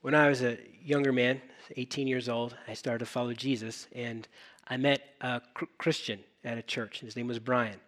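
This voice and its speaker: A middle-aged male pastor preaching a sermon, telling stories with animated acted-out dialogue. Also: medium pitch, normal speed. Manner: animated storytelling, acting out dialogue.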